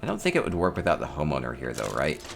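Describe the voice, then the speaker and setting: A man's voice: a bass voice, huge pitch swings, racing, vocal fry, faint music behind. A man hosting a casual tour of player homes in a game, chatting upbeat and thinking aloud with small chuckles. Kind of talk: casual gameplay commentary.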